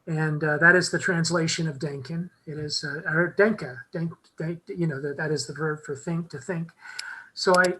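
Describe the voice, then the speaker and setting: A participant in a casual discussion group, speaking hesitantly with many fillers and pauses. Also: medium pitch, fairly even intonation, bright, forceful tone, low-quality recording. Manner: hesitant, halting, full of fillers.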